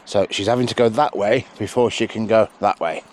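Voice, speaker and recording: A man training a sheepdog out in a sheep field, calmly explaining each step and breaking off to call the dog in a high, loud voice. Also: a little fast, a little hiss or hum. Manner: relaxed explaining, broken by high shouted calls to the dog. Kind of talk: outdoor training demonstration with commentary.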